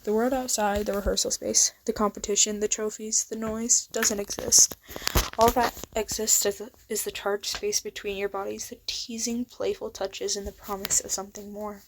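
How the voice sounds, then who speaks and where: A young woman narrating a second-person romance story in a soft, intimate voice that slips into whispers. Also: mid-range voice, level tone, moderate pace, noisy background. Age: young adult. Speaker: fan fiction narrator.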